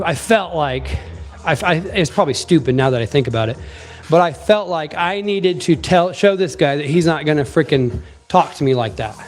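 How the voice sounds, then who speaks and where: Young man, somewhat high voice, lively emphatic storyteller, faint music under him. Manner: animated, emphatic, swears casually. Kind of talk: casual storytelling.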